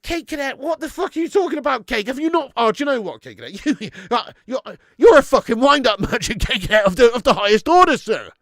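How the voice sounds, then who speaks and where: Very high-pitched and quick, with hardly any pauses, a man hosts a live football watch-along for his fan channel. Animated and full of swearing, he reads out viewer messages. The recording is dry and cleanly studio-made.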